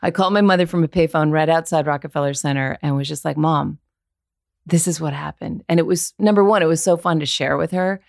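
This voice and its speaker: A woman's voice: deep voice, fairly quick, creaky, no room sound, clean studio sound. A woman in her forties, a voiceover actor, telling a story in a conversational interview and acting out the lines she quotes. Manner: animated, acts out quoted lines.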